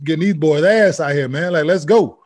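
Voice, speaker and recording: A man's voice: fairly high pitch, moderate pace, a little mellow. A man in his forties, a podcast co-host and former basketball player, talking casually in blunt, profane slang. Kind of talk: casual chat.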